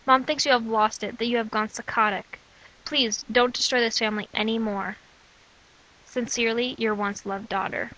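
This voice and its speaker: A young woman reading her own letters, prayers and poems aloud in an earnest, measured way. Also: on the high side, fairly even intonation, sharp tone, rough recording. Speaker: person sharing her own testimony.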